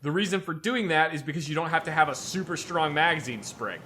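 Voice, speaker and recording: Guy from the us rambling about guns while gaming, bright voice, bit of noise behind. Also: a little high, a little fast. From United States. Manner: knowledgeable about guns, explains at length, swears casually. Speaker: gaming video host. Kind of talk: casual chat while playing a game.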